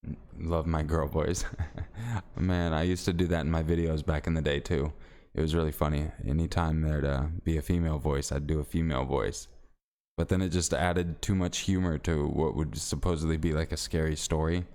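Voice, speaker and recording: A man's voice: a bass voice, steady tone, moderate pace, darkish tone, smooth. A man streaming live, chatting casually with viewers and reading stories aloud in a laid-back, rambling way.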